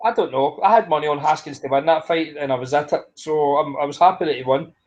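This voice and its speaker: A man with a high voice rants through a casual podcast chat. He is blunt, swears constantly and builds himself into a fury as he goes. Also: fast talker, darkish tone, lo-fi sound. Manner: ranting, blunt, heavy swearing. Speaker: podcast co-host.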